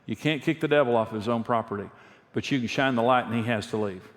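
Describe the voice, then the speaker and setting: A middle-aged man preaches in an earnest, candid storytelling manner, circling back to repeat key phrases. His voice sits at an ordinary male pitch. A long reverb trails each line through a big church hall. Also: quick pace. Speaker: pastor and marriage teacher. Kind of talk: sermon with personal stories.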